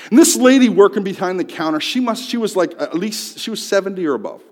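A man telling a personal story in a sermon, swinging from loud outbursts to hushed tones. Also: sits high, animated, fast talker. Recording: long hall reverb.

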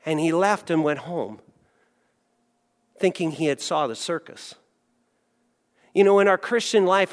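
Male pastor, sermon, animated storytelling, high-pitched, long church reverb. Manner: animated storytelling, acts out voices.

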